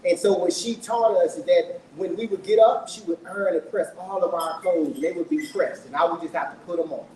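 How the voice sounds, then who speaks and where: A man's voice: sits high, a little fast, dark tone. A middle-aged man speaking at his book launch, telling a personal story to an audience in an earnest, emotional way and asking them questions. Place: event room with an audience. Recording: echoey room, voice from a distance, faint noise.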